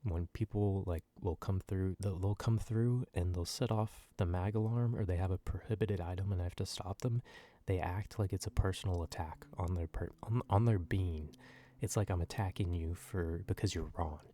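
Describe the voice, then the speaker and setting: A man on a close microphone in a soft-spoken ASMR ramble, ranting loosely with lots of fillers and swearing, sometimes sinking to near whispers. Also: deep voice, normal speed, no echo. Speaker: ASMR channel host.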